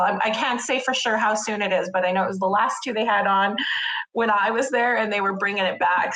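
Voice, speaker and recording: A Canadian woman talking as a podcast guest, warm with enthusiasm and full of "um"s and "like"s. Her mid-pitched voice sits in a roomy, echoey space. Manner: enthusiastic, with filler words. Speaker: podcast guest, craft beer reviewer. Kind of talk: casual chat.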